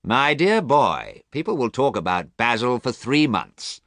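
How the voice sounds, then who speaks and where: A man voicing an amused, cynical gentleman in a storybook reading, slow and drawling. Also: mid-range voice, sing-song, dry recording, studio quality, voice pushed up.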